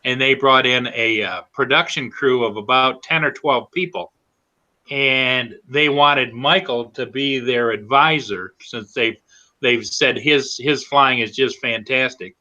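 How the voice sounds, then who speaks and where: Talking a little slowly in a mid-range voice, a man shares drone-flying stories as a co-host in a casual group chat. He's chatty and animatedly acts out what others said, though the recording's highs are cut off.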